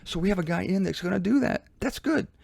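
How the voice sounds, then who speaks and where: A man hosting his own show, giving a casual commentary from a laundry room in an animated, mocking way, swinging from low mutters to high exclamations. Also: fast, creaky, no room sound, clean studio sound. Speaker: Bible teacher and show host. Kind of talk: casual self-filmed commentary.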